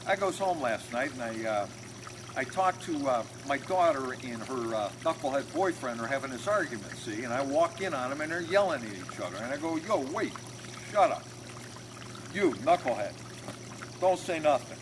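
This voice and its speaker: A man's voice: medium pitch, lively intonation, brisk, natural voice. A man voicing a crooked, streetwise male finance manager who talks out of the side of his mouth and speaks bluntly and protectively, recorded over trickling water noise. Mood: tough. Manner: blunt streetwise tough-guy talk.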